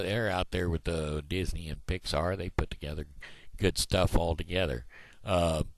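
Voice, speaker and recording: Midwestern man, deep and lively in pitch, folksy meandering vlogger with lots of fillers. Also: gravelly, no room sound. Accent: Midwestern American. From Missouri, USA. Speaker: video blogger. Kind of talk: casual rambling vlog.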